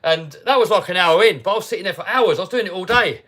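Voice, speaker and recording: A British man hosting a livestream, telling a story casually and animatedly, dropping to mutters and rising to loud outbursts. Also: high voice, lively intonation, fast. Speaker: livestream host.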